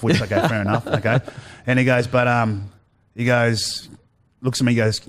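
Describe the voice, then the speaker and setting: An Australian man telling stories in a casual chat, animated and peppering his talk with "mate". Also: mid-range voice, moderate pace. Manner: animated, says "mate" a lot, acts out quotes. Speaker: guest.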